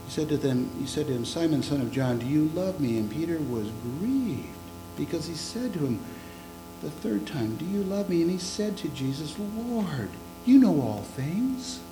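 A man preaching a sermon, retelling a scripture story with acted-out lines and sudden hushed whispers. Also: a little high, sing-song, normal speed, over music. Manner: dramatic storytelling, acting out scenes, dropping to whispers for emphasis. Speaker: pastor.

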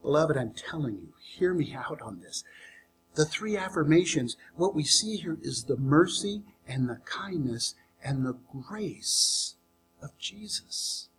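A male preacher with a somewhat high voice delivers a sermon as vivid storytelling. He acts out the characters and sinks into hushed whispers at key moments. A faint hum runs underneath. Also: lively intonation, a little slow. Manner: dramatic storytelling, acting out scenes, dropping to whispers for emphasis. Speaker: pastor.

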